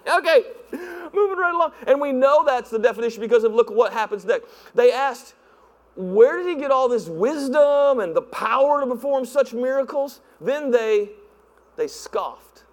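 A male pastor preaching in a church, animated and acting out voices with laughs. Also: very high-pitched, moderate pace. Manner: animated, acts out voices, laughs at own jokes. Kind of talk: sermon. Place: church sanctuary. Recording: long hall reverb.

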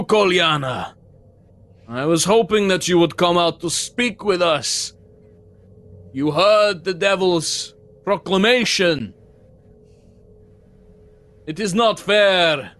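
A man's voice: high-pitched, lively intonation, slow, long pauses, a bit bright, pitched above the performer's own voice, exaggerated voice. A man voicing a well-dressed middle-aged village man who urgently demands that a girl be handed over. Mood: pleading. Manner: urgent, demanding, raised pleading voice.

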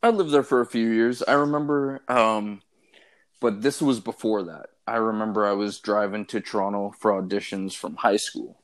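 A man with a somewhat low voice tells an easygoing story in casual conversation. He keeps a loose, chatty rhythm with a few fillers along the way. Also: fairly even intonation, normal speed. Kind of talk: casual chat.

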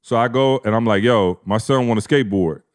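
A man's voice: on the low side, a little fast. A man in his thirties, a podcast co-host, telling a family story in casual slang and acting out the quotes.

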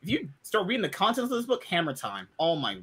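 A man's voice: sits high, huge pitch swings, fast, a bit bright, slightly rough. A man hosting a casual podcast chat, talking animatedly and often exclaiming in disbelief. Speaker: podcast host.

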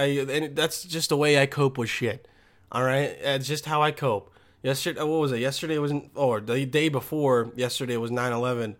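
A man's voice: mid-range voice, fairly bright tone. A man delivering a crude, profane monologue, rambling and losing his thread, blunt and combative.

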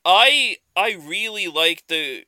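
Man, podcast co-host, bright clear voice, dry close recording, steady plot explainer. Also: high-pitched, dry recording. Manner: explaining plot in a measured, summarizing way. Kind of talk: casual film review chat.

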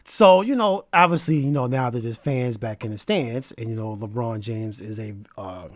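A man hosting a podcast, telling a story in a casual, animated and preachy way. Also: mid-range voice, moderate pace, no echo, studio quality. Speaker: podcast host.

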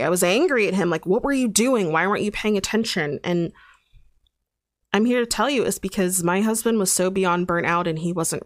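A woman's voice: fairly low pitch, fairly bright tone, dry recording, studio quality. A young adult woman hosting a podcast, telling a personal story in an earnest, confessional and emphatic way. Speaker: podcast host.

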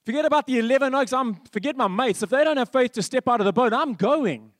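A man acting out an eager, bold fisherman disciple full of faith, pleading with excited urgency. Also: very high-pitched, brisk, no room sound, pitched above the performer's own voice. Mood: determined.

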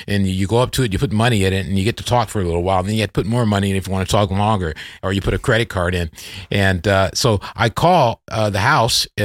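Low-voiced middle-aged male podcast host. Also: dry recording, studio quality. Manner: reflective, conversational, self-correcting. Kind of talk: casual storytelling and interviewing.

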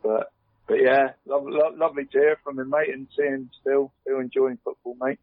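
A man's voice: medium pitch, little pitch movement, normal speed, no room sound. Rambling man on a phone line. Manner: rambling, fills almost every phrase with "mate". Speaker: podcast co-host. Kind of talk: casual chat. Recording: tinny dry phone line.

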